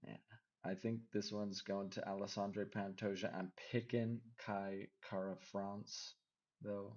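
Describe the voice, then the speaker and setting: A man giving casual MMA fight predictions, rambling and second-guessing himself out loud. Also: on the low side, flat delivery, measured pace, dull audio. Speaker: MMA fight picks vlogger.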